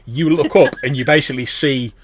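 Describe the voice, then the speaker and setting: A man's voice: mid-range voice, a little fast, fairly bright tone, slight background noise. A man narrating a tabletop game as game master, with a loose manner full of "like"s. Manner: loose, filler-heavy narration with many "like"s.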